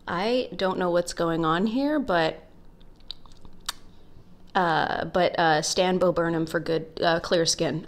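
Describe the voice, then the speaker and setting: A woman's voice: on the low side, slow pace, pauses often. A young woman casually showing her sketchbook, talking in a rambling, jokey way with plenty of asides and fillers. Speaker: art vlogger.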